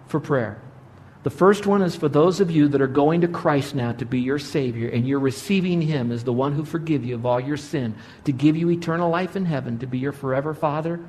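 A man's voice: on the high side, darkish tone. A man preaching a sermon, moving through numbered points to an emphatic call for prayer. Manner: rising to emphatic exhortation. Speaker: pastor.

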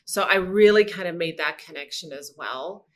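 A woman guest speaking in a relaxed interview, earnest and reflective about pushing herself. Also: lowish voice, normal speed. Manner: earnest, reflective, talks about self-discipline. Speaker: podcast guest. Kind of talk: casual conversation.

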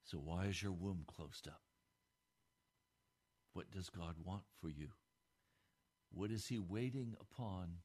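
A male pastor delivering a radio sermon, building to emphatic peaks and then dropping low and quiet. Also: slow, long pauses, husky.

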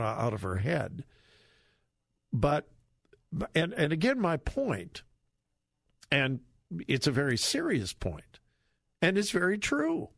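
Animated talk radio host, man. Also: vocal fry, no room sound, studio quality. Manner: emphatic, repetitive, lively pitch swings. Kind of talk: conservative talk radio commentary.

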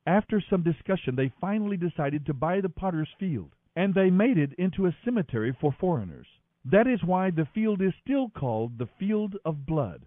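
Male bible reader, expressive, high lively voice, thin phone-like sound, dry. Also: normal speed, hardly any pauses, no echo. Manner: expressive, dramatic reading. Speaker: scripture reader. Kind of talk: daily Bible reading.

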